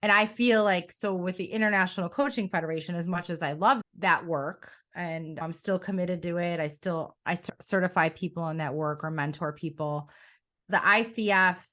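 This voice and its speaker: A middle-aged woman coach in a conversational interview, telling her story in an animated way and often quoting her own past thoughts. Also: lowish voice, moderate pace. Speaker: coach and academy founder.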